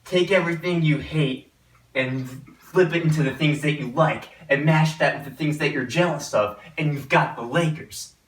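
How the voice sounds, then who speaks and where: A man's voice: a little high, moderate pace, a bit bright, lightly acted. A man playing a cocky male team representative with swaggering trash talk, in an echoey room. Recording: roomy echo, mic at a distance.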